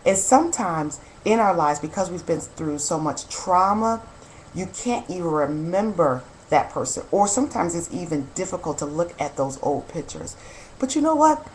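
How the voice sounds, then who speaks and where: A woman's voice: on the low side, sing-song, moderate pace, slight background noise, poor audio. A middle-aged woman hosting a self-help talk, speaking earnestly and openly about her own feelings and encouraging her listeners. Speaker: host of a self-help video series. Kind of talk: personal reflective talk to camera.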